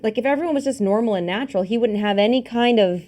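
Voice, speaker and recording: A woman's voice: a little high, fast. A young woman co-hosting a podcast, chatting casually about a film and acting out lines she quotes. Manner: chatty, animated, acts out quotes. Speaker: podcast co-host.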